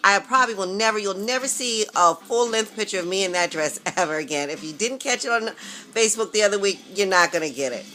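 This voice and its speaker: A woman's voice: mid-range voice, expressive, quick pace, sharp tone. A woman vlogging casually about her weight loss, chatty, sassy and candid, talking straight to her viewers.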